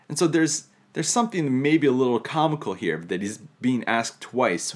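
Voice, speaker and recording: A man's voice: medium pitch, lively intonation, normal speed, hardly any pauses. A man preaching a sermon, teaching reflectively with touches of humor. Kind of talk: sermon on scripture.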